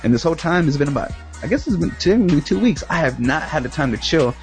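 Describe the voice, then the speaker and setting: A man's voice: a little high, lively intonation, fast, a little mellow, faint music behind. Rambling, profane man telling a story. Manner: rambling, profane, laughs often. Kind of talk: casual chat.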